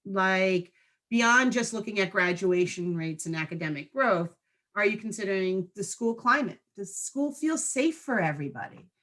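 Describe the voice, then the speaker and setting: Woman trainer, conversational, mid-pitched, keeps checking in with the group. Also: fairly bright tone. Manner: conversational, checks in with frequent tag questions. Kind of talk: online training presentation.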